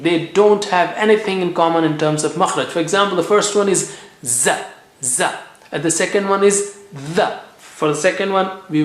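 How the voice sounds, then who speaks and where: A man teaching tajweed, slowly repeating each letter sound and checking in with "okay" as he drills pronunciation. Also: fairly high pitch. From India. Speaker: Quran recitation teacher. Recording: echoey room.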